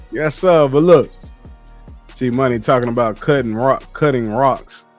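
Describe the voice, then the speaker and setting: A man's voice: mid-range voice, takes it slowly, soft background music. A man on a casual livestream, reading his chat and lecturing his viewers in a blunt, profane way. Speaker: streamer reading live chat.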